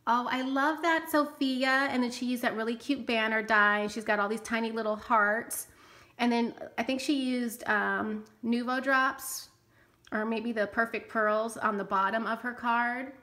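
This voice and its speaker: A woman's voice: on the high side, a bit bright. A woman with a slightly raised voice talks through a casual unboxing vlog. She gushes over each handmade item and exclaims often. It sounds like friendly, chatty showing-and-telling. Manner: gushing and enthusiastic, frequent exclamations. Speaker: channel host.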